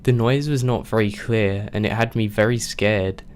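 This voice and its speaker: A man reading a scary story aloud as scripted narration, telling it slowly and with suspense. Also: fairly low pitch, steady tone, darkish tone, slight background noise.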